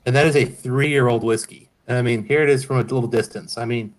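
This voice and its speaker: A man with a medium-pitched voice keeps a brisk pace while running a relaxed whiskey-tasting livestream. He tends to ramble, hedge and correct himself repeatedly.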